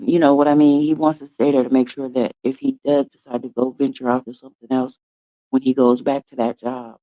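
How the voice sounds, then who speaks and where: A woman's voice: rumbling low, dry recording. Chatty woman with a slightly muffled voice. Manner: chatty, emphatic, drawn-out stresses, calls listeners "y'all" and "baby". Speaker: host. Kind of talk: casual morning chat to viewers. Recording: dry, slightly dull sound.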